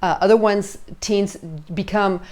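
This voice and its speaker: A woman's voice: medium pitch, flat delivery, measured pace, darkish tone. A middle-aged woman, a parenting coach, giving casual advice and checking in often with "okay?". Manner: conversational, checks in constantly with "okay?" and "all right?".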